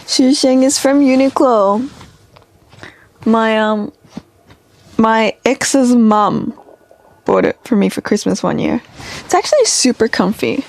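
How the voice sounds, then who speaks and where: Chatty young woman with a gravelly voice. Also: a little high, lively intonation, slow, pauses often. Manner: chatty, rambling, many "like" fillers. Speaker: live streamer. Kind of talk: casual live-stream chat.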